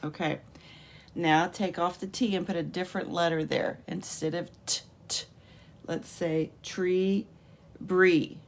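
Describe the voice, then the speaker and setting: A woman teacher giving a patient home video lesson on phonics, sounding out letters and words slowly from her room. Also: lowish voice, fairly even intonation.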